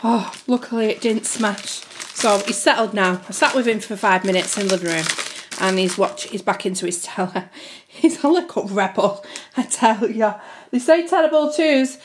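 A young British family vlogger chats to camera at home about a family grocery haul, rambling and a bit out of breath while repeatedly calling viewers "guys." Her voice is mid-range at a normal speed, with background noise.

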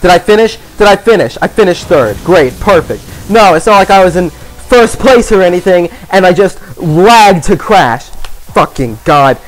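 A man giving gaming commentary as a let's play host, ranting in exasperation, swearing and yelling at the game. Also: high voice, animated, normal speed, a little hiss or hum.

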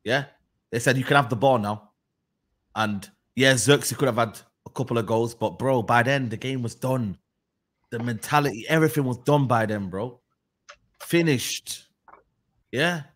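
A man's voice: medium pitch, normal speed, pauses often, a bit bright. A man ranting about his football team in heated, slangy banter. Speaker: football fan.

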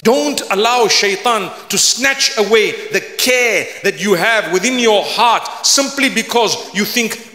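A man preaching a sermon in an earnest, pleading manner that builds to fervent near-shouts. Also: sits high, lively intonation, a little slow, hardly any pauses. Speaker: Islamic preacher. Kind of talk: lecture-style sermon. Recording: echoey hall with long reverb.

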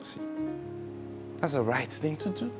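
A male pastor preaching a sermon, swinging between loud emphatic bursts and soft near-whispers. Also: fairly high pitch, very animated, a little slow, music in the background.

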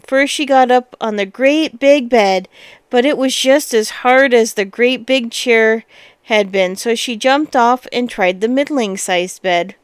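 A woman reads a fairy tale aloud in a smooth, fairly high voice. Her telling is expressive and breaks into lively exclamations now and then. The recording is dry and close. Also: unhurried, no echo. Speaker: storyteller.

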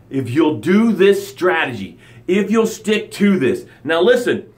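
Man, motivational coach, fairly high voice, energetic, preachy, repetitive. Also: slow pace. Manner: energetic, preachy, repeats key phrases; acts out angry stories with rising voice. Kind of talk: live motivational broadcast.

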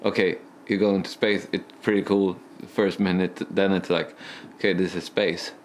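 A man's voice: low voice, level tone, normal speed. A man behind the camera chatting casually with a friend, teasing and laughing. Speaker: filmmaker asking questions. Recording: loud outdoor background noise.

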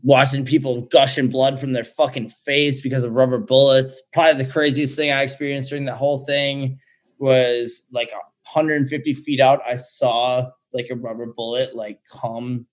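A man's voice: medium pitch, flat delivery, normal speed. A young man, a podcast guest on a remote call, telling a story in a loose, slangy way and swearing heavily. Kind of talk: casual storytelling.

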